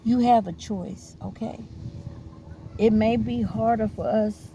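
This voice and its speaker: A woman's voice: a little high, steady tone, slow pace, warm tone, slight background noise. A woman vlogger speaking in a casual, earnest, encouraging monologue, calling listeners baby and honey, with loose, repetitive phrasing and many fillers. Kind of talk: casual talking-to-camera monologue.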